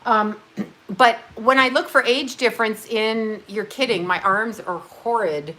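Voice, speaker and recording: A woman's voice: on the high side, measured pace, sharp tone. A woman from Canada chatting casually on a livestream, rambling, blunt and profane, with self-mocking asides. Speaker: livestream host. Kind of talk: casual chat.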